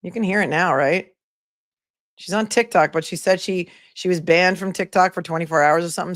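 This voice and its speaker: A woman's voice: low voice, dry recording, studio quality. A woman hosting a live stream, chatting casually with viewers while she searches for a link. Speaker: livestream host, attorney. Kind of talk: casual livestream chat.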